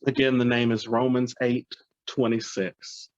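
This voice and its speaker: A man from Alabama addresses a poetry-reading audience, his delivery unhurried and heartfelt. The sound is dry and a little muffled, like a modest lo-fi recording. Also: mid-range voice, level tone, no echo. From Alabama, USA. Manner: earnest, heartfelt, softly grateful. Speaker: poet. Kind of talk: spoken remarks at a live poetry reading.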